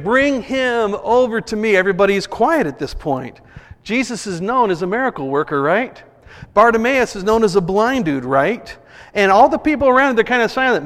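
A man preaching a sermon, telling a story in an animated way and acting out the voices of people in it. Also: a little high. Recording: long reverb of a large hall.

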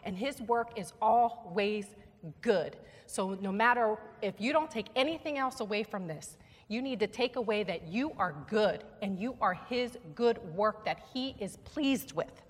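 A woman's voice: medium pitch, measured pace. A woman preaching a sermon in a church sanctuary, her voice carrying a long reverb off the walls. Her delivery is earnest and emphatic, and she coaxes listeners to repeat her words back. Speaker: guest preacher.

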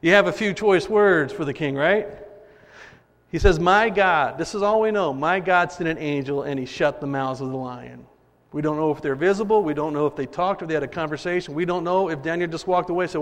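High-voiced preacher in a reverberant hall. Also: male voice, moderate pace. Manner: animated, swinging from loud emphasis to soft asides. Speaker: pastor. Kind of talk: sermon.

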